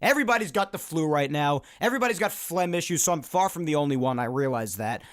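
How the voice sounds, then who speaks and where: A man hosting a casual podcast, talking in a chatty, ranting way while raspy from phlegm. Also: on the high side, fast, no echo, clean studio sound. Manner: chatty, ranting, loud energetic openings. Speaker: podcast host. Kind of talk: casual solo podcast talk.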